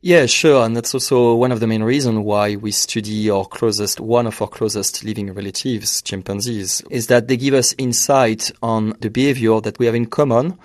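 A man's voice: fairly low pitch, fairly even intonation, normal speed, hardly any pauses, dry recording, studio quality. A man being interviewed as a researcher, explaining carefully with slightly non-native phrasing. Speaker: researcher guest. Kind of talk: interview answers.

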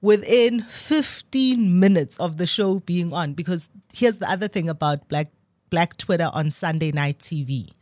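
A woman's voice: on the low side, a little slow, darkish tone, dry recording, studio quality. A woman co-hosting a radio show, telling stories playfully with laughs. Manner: playful, giggly storytelling. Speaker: radio co-host. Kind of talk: casual radio chat.

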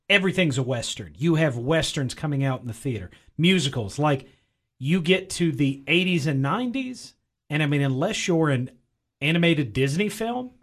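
Animated, higher-voiced man co-host. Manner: rambling and enthusiastic, with frequent fillers. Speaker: film review podcast co-host. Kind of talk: casual chat.

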